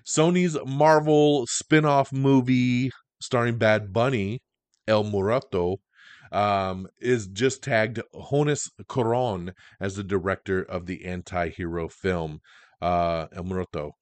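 Chatty low-voiced male podcast host. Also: no echo. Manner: enthusiastic, slangy, chatty. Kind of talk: casual podcast news roundup.

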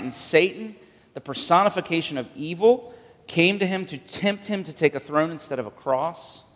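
Man preaching in a reverberant hall. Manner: earnest preaching, building in pitch and force toward the end. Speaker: pastor. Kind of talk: sermon. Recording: long reverb of a large hall.

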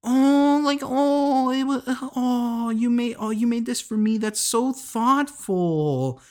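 A man putting on a high voice for a gushing young woman who gasps out sweet "oh"s. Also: takes it slowly, a little mellow. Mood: swooning.

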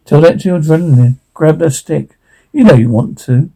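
Guy playing a smug taunting villain, gravelly and husky, kinda dark tone. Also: fairly high pitch, normal speed, low-quality recording. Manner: taunting, sarcastic. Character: mocking, sneering male villain who taunts heroes. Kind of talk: solo fan reenactment of a show scene.

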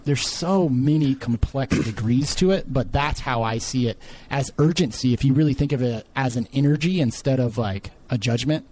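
Man, life-coach guest, earnest and searching, mid pitch, long winding thoughts, faint noise behind. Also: normal speed, few pauses, a little mellow, rough recording. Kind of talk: reflective conversational explanation.

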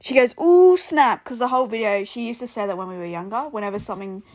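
A woman co-hosting a casual podcast from home, telling animated stories, swearing freely and acting out what people said. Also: medium pitch, rapid-fire. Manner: animated storyteller, swears freely, acts out quotes. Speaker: podcast co-host. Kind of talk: casual chat.

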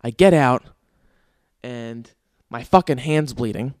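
A man's voice: mid-range voice, slow, darkish tone, no echo, studio quality. A young man hosting his own podcast, telling stories in an exasperated, profane, ranting way with sighs and laughs between bits. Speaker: podcast host. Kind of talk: casual comedic monologue.

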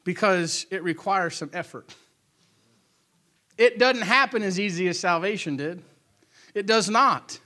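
A male preacher with a very high, bright voice. He preaches in an emphatic, conversational style and drives his points home by repeating short phrases. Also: a little slow, pauses often. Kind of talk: sermon.

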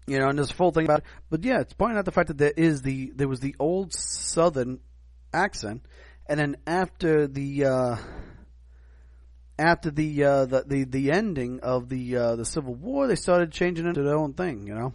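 A man with a New York accent hosting a podcast, talking through a rambling, animated solo commentary full of restarts and asides. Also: fairly high pitch, normal speed, dry recording. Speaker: podcast host.

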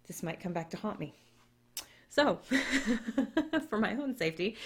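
A woman giving relationship advice in a casual monologue, telling a personal story candidly and talking straight to her listeners. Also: mid-range voice.

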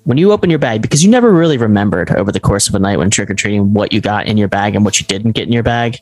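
A young man co-hosting a podcast, talking casually and jokingly, his voice jumping up when he gets excited. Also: rapid-fire, dry recording, faint music behind. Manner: animated, jokey, pitch jumps up when excited. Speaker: podcast co-host. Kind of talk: casual chat.

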